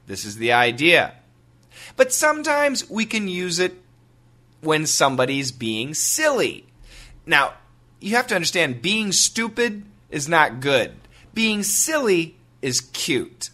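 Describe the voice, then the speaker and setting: A man hosting an English lesson podcast, upbeat and animated, spelling words out slowly for learners. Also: fairly high pitch. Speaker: English teacher and podcast host.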